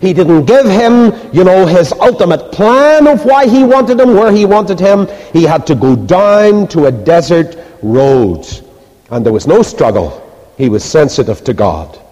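A man's voice: sits high, a little slow. A man preaching a sermon, telling stories and asking rhetorical questions. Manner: animated storytelling, rhetorical questions, acts out quoted voices. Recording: reverberant hall.

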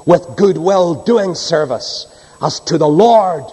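A fervent preacher, his fairly high voice leaping from ringing cries to hushed, low asides as he reads scripture. Every phrase carries a long reverb, as in a large church hall. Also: animated, slow pace, breathy edge. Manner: impassioned, swinging between soaring high cries and low hushed drops. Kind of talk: sermon with scripture reading.

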